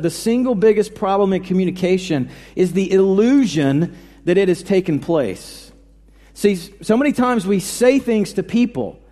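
High mellow-voiced man preaching. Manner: conversational, halting with fillers and restarts. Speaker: pastor. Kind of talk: sermon. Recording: reverberant hall.

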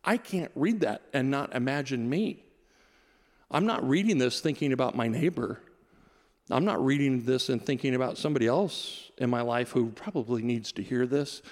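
A middle-aged man preaching a sermon to a congregation, telling stories about himself in a relaxed, self-deprecating way. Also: medium pitch, moderate pace. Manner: storytelling, self-deprecating and conversational. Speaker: pastor. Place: large church hall. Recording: reverberant church hall.

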